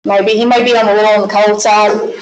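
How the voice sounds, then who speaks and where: A woman with a Southern drawl teaches a math class, working through calculations out loud and wandering into homey side stories. Her voice sits at a middle pitch and rings around a reverberant room, with a faint hiss underneath. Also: flat delivery, brisk, muffled recording. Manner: chatty, folksy asides while working problems. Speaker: math instructor. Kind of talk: recorded classroom lecture.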